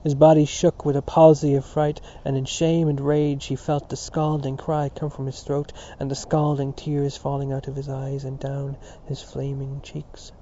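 A man narrating a literary audiobook in a steady, sober reading voice, on a dull lo-fi recording. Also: mid-range voice, normal speed, few pauses, a little hiss or hum.

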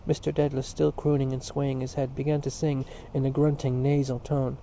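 Man narrating with a dark, mellow voice. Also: mid-range voice, flat delivery, fairly quick, creaky, hardly any pauses, dull audio, slight background noise. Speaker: audiobook narrator. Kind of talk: literary audiobook narration.

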